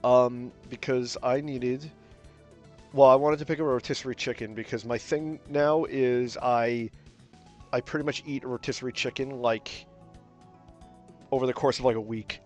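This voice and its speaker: Drawing on a stream, a young man rambles casually, full of fillers and false starts, cursing freely and turning loud and animated during rants. He speaks at normal speed in a medium pitch over faint background music.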